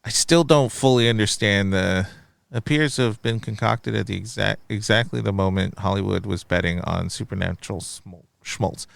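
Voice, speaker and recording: On a podcast reviewing films, this thirty-something co-host reads out a critic's write-up and puzzles over it, animated and casual. His voice is fairly low with some vocal fry, moving at a moderate pace, recorded with no room sound.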